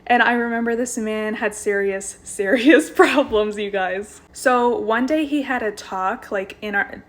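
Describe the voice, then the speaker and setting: A woman's voice: a little high, a little slow. A young woman telling a personal story to her viewers in a casual, chatty way, full of fillers and asides. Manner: chatty, frequent "like" and "you guys". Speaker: vlogger.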